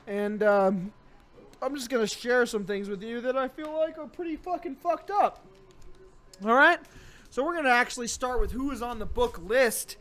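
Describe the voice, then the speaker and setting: A man's voice: very high voice, normal speed, a bit bright. A young man co-hosting a comedy show, ranting angrily with constant swearing. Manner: angry ranting, heavy swearing. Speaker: co-host. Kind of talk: profane comedic rant.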